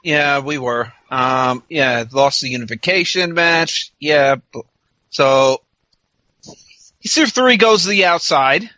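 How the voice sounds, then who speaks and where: A man co-hosting a podcast, recapping a wrestling show in casual chat, sarcastic and quick to mock, laughing often and quoting the wrestlers in mock voices. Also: fairly high pitch, animated, pushed and bright, no echo, lo-fi sound. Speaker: podcast co-host.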